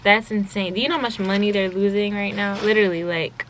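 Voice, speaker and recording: A young woman chatting casually as a vlogger, excitable and chatty, with lots of fillers. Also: medium pitch, fast talker, a little hiss or hum, low-quality recording. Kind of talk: casual vlog chat. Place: home in Los Angeles.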